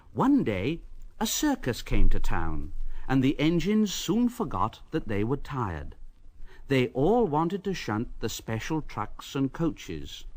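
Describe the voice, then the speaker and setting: Guy reading a kids story slow, voice bouncing all over. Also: medium pitch, no room sound. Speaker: narrator. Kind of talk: storybook narration.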